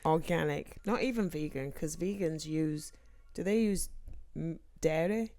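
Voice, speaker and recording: A woman's voice: deep voice, a little slow, mellow. A woman co-hosting a casual comedy chat, teasing in a dry, sarcastic way. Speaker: co-host.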